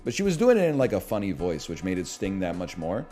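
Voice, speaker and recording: A man streaming live and chatting casually, joking and swinging from muttered asides to loud, animated rants. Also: fairly low pitch, fairly quick, faint music behind.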